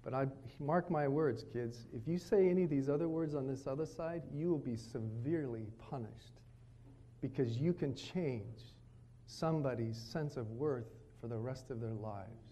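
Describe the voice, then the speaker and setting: A man preaching at a retreat, telling stories and acting out his children's lines in a lively, varied way. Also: medium pitch, moderate pace, a little hiss or hum. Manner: storytelling preacher, animated, quotes his kids. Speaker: pastor. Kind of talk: sermon at a retreat. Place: retreat meeting room.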